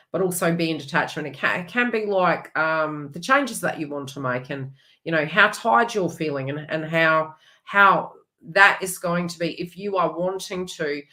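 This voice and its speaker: A woman giving a chatty, rambling astrology reading with animated asides. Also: sits low. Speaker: astrology reader. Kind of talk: casual astrology forecast.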